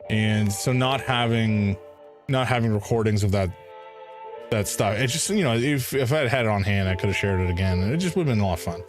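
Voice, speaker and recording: Streamer guy, lowish voice, casual rambling chat over a game. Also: brisk, faint music behind. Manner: rambling, hesitant, with many fillers.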